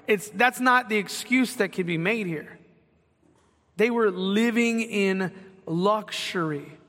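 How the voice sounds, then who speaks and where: A male pastor preaching with emphasis and rhetorical questions. His voice sits high and sounds bright and forceful. A long hall reverb trails each phrase. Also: takes it slowly. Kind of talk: sermon.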